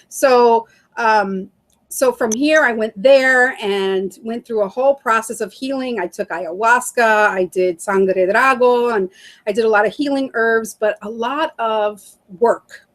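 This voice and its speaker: Middle-aged woman guest, high voice, lively storyteller who laughs a lot. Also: takes it slowly. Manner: animated, laughs often, acts out quoted voices. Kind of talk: casual storytelling interview.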